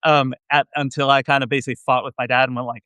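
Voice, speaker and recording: A man's voice: medium pitch, level tone, racing, bright, forceful tone, clear, resonant tone, no echo. A man, a guest on a video call interview, telling rambling, self-deprecating stories from his computer with many restarts. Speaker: guest, venture investor. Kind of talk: casual interview storytelling.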